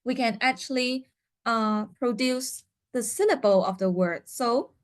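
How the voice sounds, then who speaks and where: A woman's voice: fairly high pitch, measured pace. A woman teaching a seminar for parents, explaining step by step with many fillers and acting out what parents and children might say.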